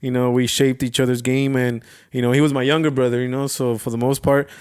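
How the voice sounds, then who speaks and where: Male podcast guest, smooth clear voice, easygoing casual talk. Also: mid-range voice, flat delivery, brisk, darkish tone. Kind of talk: casual chat.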